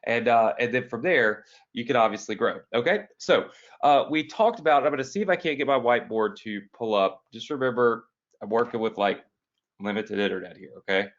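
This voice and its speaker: A man with a sick, hoarse voice hosts a live online business training from a hotel room. He talks to viewers in a chatty, upbeat way and asks them to answer yes. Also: mid-range voice, lively intonation, a little fast, highs cut off. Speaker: online business coach hosting a weekly training. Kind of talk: live webinar talk.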